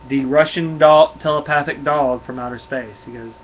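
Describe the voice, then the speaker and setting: Folksy comic reviewer. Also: male voice, fairly high pitch, moderate pace. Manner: relaxed, folksy, many fillers. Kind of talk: casual comic review and read-through. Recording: dull lo-fi with faint hum.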